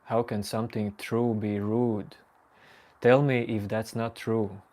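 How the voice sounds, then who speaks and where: A man's voice: fairly low pitch, level tone, slow, darkish tone. A man hosting a late-night livestream, casually teasing and joking with his chat viewers. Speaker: livestream host.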